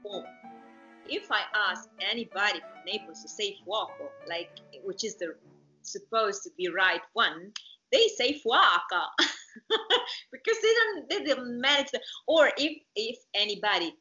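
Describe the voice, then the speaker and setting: A bright, lively-toned woman with an Italian accent chats casually, laughing easily and stopping to search for words. The recording sounds a little dull and lo-fi, with faint music underneath. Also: mid-range voice, unhurried. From Italy. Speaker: singing diction teacher, co-host. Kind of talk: casual conversation.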